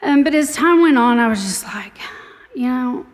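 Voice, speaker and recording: A woman's voice: high voice, lively intonation, moderate pace, big-room sound. A woman in her forties telling her personal story to her church in a chatty, storytelling way. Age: 40s. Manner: chatty, storytelling, warmly grateful. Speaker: church member giving testimony. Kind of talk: personal testimony.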